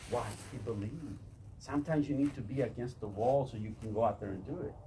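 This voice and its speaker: A man's voice: medium pitch, fairly quick, dark tone. Man, preaching from a distance. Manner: emphatic, repetitive, questions the audience. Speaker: motivational speaker. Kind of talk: faith-based motivational talk. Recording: distant mic in a noisy room.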